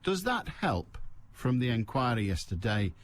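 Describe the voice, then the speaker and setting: Older male phone-in host; dry, self-deprecating, digressive delivery with a lively pitch. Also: unhurried, a little hiss or hum. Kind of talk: rambling solo radio chat. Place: radio studio. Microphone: studio mic.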